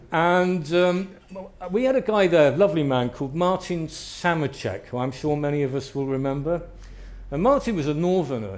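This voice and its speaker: Man telling lively stories. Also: fairly high pitch. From Britain. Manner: lively storyteller, acts out quotes. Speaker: author speaking to an audience. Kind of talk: anecdotal talk. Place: venue with a live audience.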